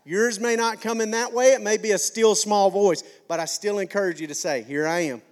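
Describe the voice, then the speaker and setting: A man's voice: high-pitched, fairly quick. A male pastor preaching a sermon in a folksy, conversational way, repeating phrases for emphasis.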